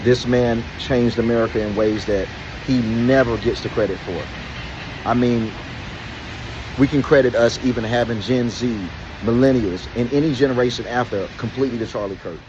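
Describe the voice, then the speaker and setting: A man's voice: mid-range voice, normal speed. Choked-up man in lo-fi recording. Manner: choked-up, earnest, says bro and man. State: emotional, near tears. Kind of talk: emotional personal vlog. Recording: dull lo-fi audio with background noise.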